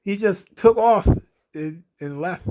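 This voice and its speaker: A man's voice: sits high, takes it slowly, darkish tone, a little hiss or hum. A man casually recapping a wrestling show, rambling and exasperated, with lots of fillers. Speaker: wrestling commentary vlogger.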